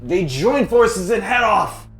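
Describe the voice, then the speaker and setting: A man recapping a bad movie in casual chat, profane and animated. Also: sits high, slow, roomy sound, music in the background, rough recording.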